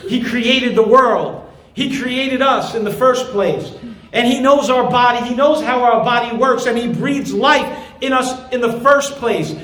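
High-voiced fervent male pastor. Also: unhurried, a bit bright, roomy sound. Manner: fervent preaching with repeated phrases. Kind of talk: sermon.

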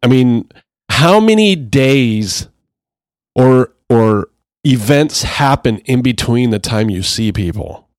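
A man's voice: medium pitch, expressive, slow, no room sound, clean studio sound. A man co-hosting a podcast, telling stories in a rambling, reflective way. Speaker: podcast co-host. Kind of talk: casual chat.

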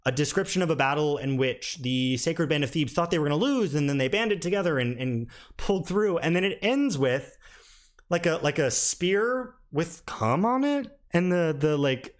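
Frank, rambling man with a slightly high voice. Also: expressive, moderate pace. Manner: frank and rambling, with many restarts and "like"; candidly critical, mildly exasperated. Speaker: film reviewer. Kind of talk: casual spoken review.

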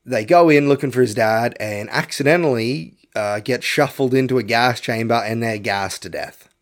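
In this casual film review rant, a podcast host rambles bluntly and swears freely. He's a man somewhere between young adult and middle age, speaking in a mid-range voice at a moderate pace.

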